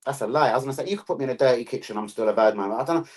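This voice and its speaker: A man's voice: mid-range voice, racing. A young man hosting a football live stream, talking in rowdy, profane slang-heavy banter.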